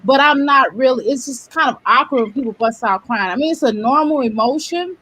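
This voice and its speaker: A woman on a casual radio talk show, telling animated stories and acting out the quotes. She mentions the clients she counsels. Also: high voice, brisk, breathy edge. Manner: animated storyteller who acts out quotes.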